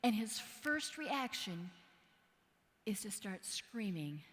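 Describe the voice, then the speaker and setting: A woman from Wisconsin giving a motivational keynote speech, telling a story in a playful, animated way and acting out voices and sounds. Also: mid-range voice, slow pace. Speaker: keynote speaker. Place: large conference hall. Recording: long hall reverb.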